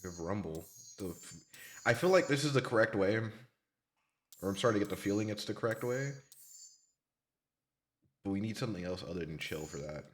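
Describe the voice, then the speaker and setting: A man's voice: on the low side, expressive, brisk, pauses often, slight background noise. A man streaming a story game, chatting casually, laughing and reading character lines aloud in voices. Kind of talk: casual let's-play commentary, reading dialogue aloud. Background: game music.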